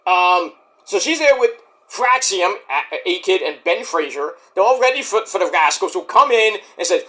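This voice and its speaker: A man casually reviewing a wrestling show on his own, animated and excitable, breaking into high-pitched outbursts. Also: normal speed. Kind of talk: casual solo review vlog.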